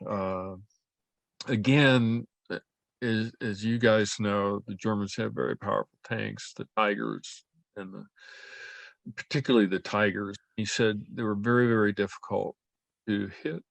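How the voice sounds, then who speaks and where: Older man with a gravelly voice. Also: fairly low pitch, dry recording. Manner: halting, with frequent fillers and restarts. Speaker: interviewee. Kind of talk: oral history recollection.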